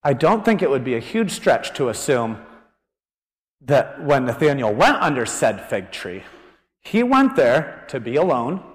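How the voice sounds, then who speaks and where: Lively preaching man in a reverberant hall. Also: mid-range voice, unhurried. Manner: animated, joking, thinking aloud. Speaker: pastor. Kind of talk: conversational sermon. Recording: long reverb of a large hall.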